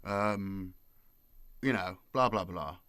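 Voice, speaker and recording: Casual male host, lowish voice, rambles freely, dry close recording. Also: slow pace, pushed and bright, dry recording. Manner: rambling, lots of fillers. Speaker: YouTube host. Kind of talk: casual late-night chat.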